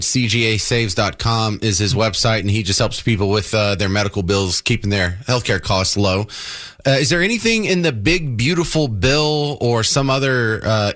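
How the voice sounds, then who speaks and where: A man hosting a talk radio show, blunt and opinionated in quick back-and-forth. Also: on the low side, fairly bright tone, dry recording, studio quality.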